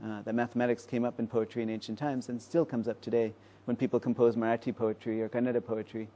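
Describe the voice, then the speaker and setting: A man's voice: mid-range voice, dark tone, distant mic, rough recording. A man who is a mathematician explaining ideas step by step, often checking in with his listeners. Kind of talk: explanatory lecture and interview.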